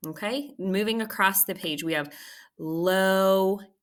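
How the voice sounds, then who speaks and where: A woman's voice: on the low side, unhurried, bright, forceful tone. A woman teacher patiently walking through a phonics lesson, often checking in with "okay". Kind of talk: recorded phonics lesson walkthrough.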